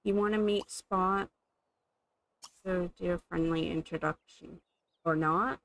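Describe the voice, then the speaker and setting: Woman gamer, unhurried chatty play-by-play, some vocal fry. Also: on the low side, steady tone, a bit bright, low-quality recording. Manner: chatty, amused, thinking aloud while playing. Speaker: gaming channel host. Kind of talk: casual gameplay commentary.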